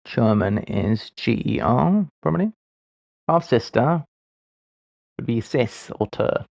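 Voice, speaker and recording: Solving puzzles on a live stream, this forty-something man speaks in unfinished murmurs and laughs at his own slip-ups. His medium-pitched voice is expressive, creaky and darkish, and he goes slowly. The recording is dry and lo-fi.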